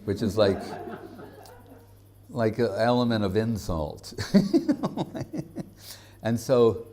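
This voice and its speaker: A man who is a spiritual teacher, giving a conversational devotional lecture in an informal, halting way, with frequent fillers and chuckles. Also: fairly low pitch, sing-song, dark tone, slight background noise.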